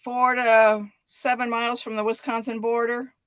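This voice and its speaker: A woman from Illinois, a guest on a livestream, talking hesitantly with many pauses and fillers. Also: fairly high pitch, little pitch movement, fairly bright tone, clean tone, dry recording. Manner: hesitant, many ums and uhs. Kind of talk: casual chat.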